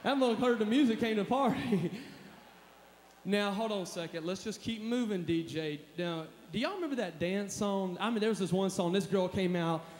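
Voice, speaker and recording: Guy with a really high voice pumping up a church crowd, yelling call-and-response, big echoey hall. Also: fairly quick, slight background noise. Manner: energetic, calls and responses, shouting to crowd. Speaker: motivational speaker. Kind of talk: hyping up a live church crowd. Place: large hall at a live event. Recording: echoey hall, live event.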